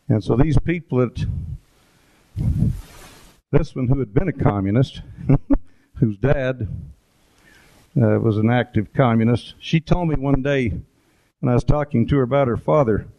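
A man's voice: mid-range voice, unhurried, pauses often, mellow. A middle-aged man giving an informal talk with photos, rambling through anecdotes with fillers and asides. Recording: dull lo-fi recording.

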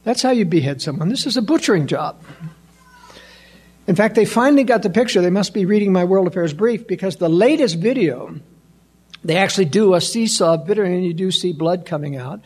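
Older guy ranting to his audience, kinda husky and high, keeps asking incredulous questions. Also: expressive, a little fast, a little mellow. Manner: emphatic, rhetorical questions, incredulous. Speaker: political commentator. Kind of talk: monologue to an audience.

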